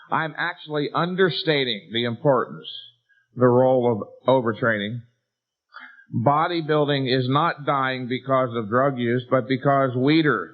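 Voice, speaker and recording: A middle-aged man giving a bodybuilding seminar lecture, emphatic and lecturing, with rhetorical questions to a live audience. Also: a little high. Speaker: seminar speaker. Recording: tinny lo-fi 1990s lecture recording.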